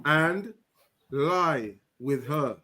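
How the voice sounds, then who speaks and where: Very slow man reading scripture. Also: fairly high pitch, lively intonation, sharp tone. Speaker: scripture reader. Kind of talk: reading verses aloud.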